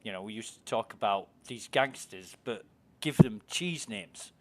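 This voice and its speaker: A man's voice: lowish voice, expressive, measured pace, darkish tone, slight background noise. An English man with an English accent, chatting casually and telling rambling stories while streaming a game. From England. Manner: chatty, rambling storyteller, swears freely, laughs easily. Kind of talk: casual chat while gaming.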